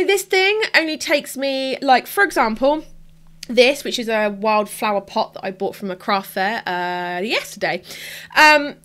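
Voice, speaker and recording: A woman business coach, maybe in her thirties and from the UK, talking casually to camera and acting out quoted voices. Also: a little high. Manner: animated, acts out quoted voices.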